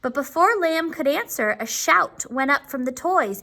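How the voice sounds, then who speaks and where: A woman's voice: sits high, vocal fry. A woman teacher reading a picture book aloud to young children, with asides to them. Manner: slow, expressive, with asides to the children.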